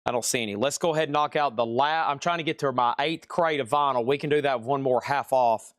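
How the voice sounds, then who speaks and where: A man's voice: mid-range voice, quick pace, fairly bright tone, no echo, studio quality. Southern man running a live record sale. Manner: chatty, repeats prices and buyer names. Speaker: live-stream seller. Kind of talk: live sales stream.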